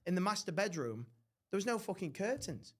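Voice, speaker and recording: A man's voice: sits high, fairly quick. A young man hosting a podcast, telling rowdy stories in casual chat with lots of swearing and mimicked voices. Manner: swearing, animated, mimics others. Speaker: podcast host.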